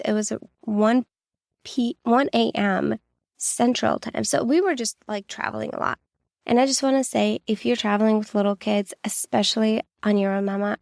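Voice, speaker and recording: Woman, podcast host, gravelly fry in her voice, dry close sound, candid and reassuring. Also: mid-range voice, a little mellow, dry recording. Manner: candid, reassuring, with many "like" fillers. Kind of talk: personal storytelling podcast.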